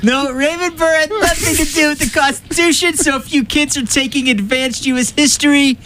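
A man's voice: very high voice, fairly even intonation, brisk, very noisy. A man co-hosting a radio show, telling news and history with playful jokes and frequent laughter. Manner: laughs often, playful storytelling. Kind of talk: joking radio banter.

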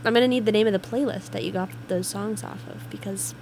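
A woman hosting a casual radio chat show, bubbly and quick with her reactions. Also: medium pitch, steady tone, heavy background noise. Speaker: host.

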